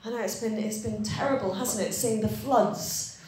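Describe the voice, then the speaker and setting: Woman pastor, fairly high voice, chatty sermon, strong echo. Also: moderate pace, a little mellow. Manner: conversational, retelling scripture in everyday words. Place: church.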